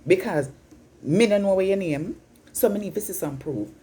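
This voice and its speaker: A woman's voice: medium pitch, lively intonation, normal speed, mellow, husky. A Jamaican woman in her fifties giving an incredulous, scolding opinion vlog, slipping in and out of patois. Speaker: vlogger.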